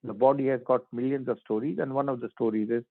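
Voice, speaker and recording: A man gives a spiritual talk in short, halting phrases at a middling pitch. His voice comes through a narrow, phone-like line that sounds dry and close, with no room around it. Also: fairly even intonation, no echo. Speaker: spiritual teacher.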